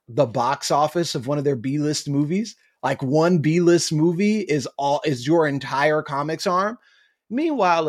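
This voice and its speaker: A young adult man, a guest author, chatting casually on a podcast and telling animated stories with acted-out quotes. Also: on the high side. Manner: animated storyteller who acts out quotes.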